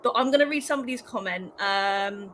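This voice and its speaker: A woman's voice: medium pitch, fairly quick, crowd noise. A woman guest in a casual group chat who giggles and laughs often. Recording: audible background noise.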